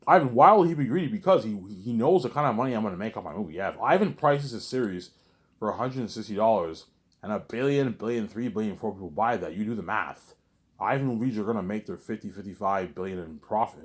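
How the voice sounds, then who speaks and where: A man rambling in a casual vlog monologue, boastful and repetitive, swearing freely. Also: on the low side. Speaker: vlogger.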